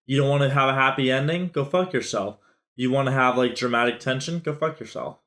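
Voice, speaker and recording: A man's voice: mid-range voice, steady tone, fast talker, a bit bright. A tipsy man co-hosting a podcast, bluntly sarcastic and swearing as he chats about a film. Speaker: podcast co-host. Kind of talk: casual film review chat.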